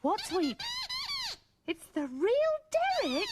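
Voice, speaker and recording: A woman's voice: very high voice, very animated, slow pace. A woman presenting a children's show, cheerfully coaxing puppets and telling corny jokes. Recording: loud tape hiss from old VHS.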